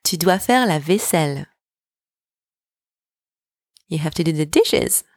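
A woman with as her language, hosting a podcast lesson and saying each word slowly and clearly for listeners to repeat. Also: low voice, animated, darkish tone, dry recording, studio quality. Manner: word-by-word repetition drills, clear enunciation. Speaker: French teacher, podcast host. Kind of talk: slow, drilled language lesson.

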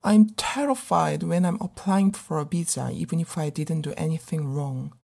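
A middle-aged woman actor performing a dramatic monologue in an earnest, pleading, measured way. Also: low voice, creaky, mellow, slightly rough. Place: living abroad as a migrant in a big city.

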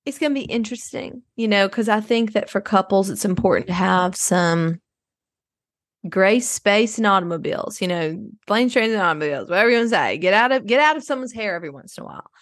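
An actress playing a self-absorbed rich suburban adoptive mom in an improvised comedy podcast, rambling and oversharing. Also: female voice, mid-range voice, animated, fast talker, no room sound, lightly acted. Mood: rambling, chatty.

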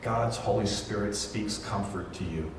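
A male pastor giving a sermon, telling stories from his childhood and rising to high, emphatic peaks. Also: measured pace, far from the mic, noisy background. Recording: very echoey room, voice from afar.

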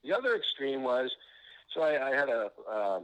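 A man's voice: mid-range voice, big pitch swings, moderate pace, a bit bright, low-quality recording. A man being interviewed as an author, telling anecdotes in a rambling way, often restarting sentences and filling gaps with "you know.".

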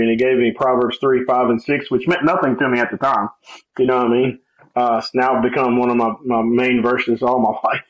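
A middle-aged man telling his life story in a casual, animated way, acting out the people he quotes and laughing often. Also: medium pitch, brisk. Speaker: guest sharing testimony. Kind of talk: conversational testimony. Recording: slightly dull, lo-fi sound.

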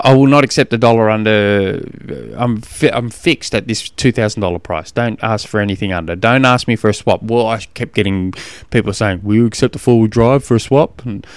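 An Australian man talks through his solo podcast in a loose, frank, rambling way, often stopping and restarting his sentences. His voice is smooth and resonant, and it is recorded close and dry with no room sound. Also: lowish voice, no echo. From Tasmania. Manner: rambling, frank, exasperated storytelling with frequent restarts. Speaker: podcast host and triathlon coach. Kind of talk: casual solo podcast monologue.

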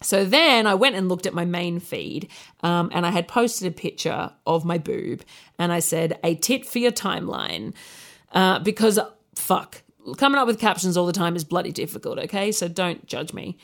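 A woman's voice: lowish voice, lively intonation, moderate pace. Candid swearing woman storyteller. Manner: candid, swearing, laughing often. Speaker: podcast co-host. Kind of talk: casual storytelling chat.

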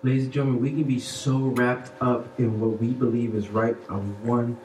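A man preaching a sermon as pastor, animated, acting out little voices and swinging between hushed and loud. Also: medium pitch, normal speed, echoey room, recorded from a distance, a little hiss or hum, low-quality recording.

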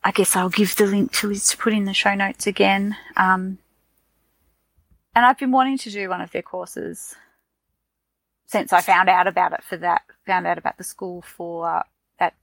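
Gravelly Australian woman chatting casually. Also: mid-range voice, steady tone, moderate pace, a bit bright, no room sound, poor audio. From Australia, Tasmania. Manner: chatty, rambling with fillers and restarts. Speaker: podcast co-host. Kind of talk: casual chat.

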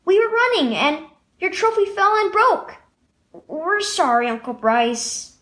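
A woman's voice: very high voice, very animated, measured pace, fairly bright tone, pitched above the performer's own voice, full character voice. A woman voicing a defensive, nervous young boy in a children's storybook reading.

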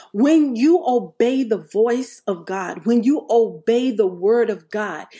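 Emphatic woman preacher, slightly high voice. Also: darkish tone. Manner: emphatic, repeats key lines, punctuates with hallelujah; slows and stretches words for emphasis. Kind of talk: sermon.

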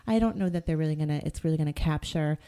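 A woman's voice: sits low, rapid-fire, dark tone. A middle-aged woman from the Boston area co-hosting a podcast, chatting at length about the show's plans. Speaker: podcast co-host. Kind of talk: casual podcast chat.

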